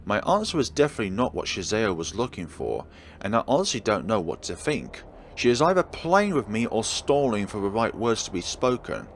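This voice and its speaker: Lively low-voiced man reading a visual novel. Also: a little fast, slight background noise. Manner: expressive, dramatic first-person narration. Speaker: let's play host and reader.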